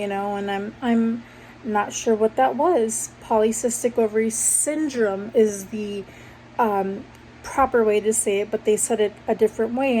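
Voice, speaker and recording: A woman's voice: on the high side, warm tone, low-quality recording. A young woman vlogger casually telling a personal story, rambling and correcting herself as she goes. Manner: rambling, self-correcting, conversational. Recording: faint background noise.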